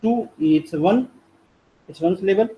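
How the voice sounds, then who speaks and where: A woman's voice: medium pitch, mellow. A woman, a student asking a hesitant question in an online class. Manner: hesitant, halting. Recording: dull lo-fi call audio.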